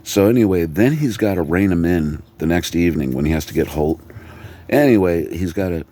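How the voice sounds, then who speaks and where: A man in a rambling, comic monologue, swearing freely and stumbling over restarts as he works through his idea. His voice is very low and gravelly. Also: lively intonation, a little fast, mellow, slight background noise. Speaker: video creator. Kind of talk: casual comedic rant.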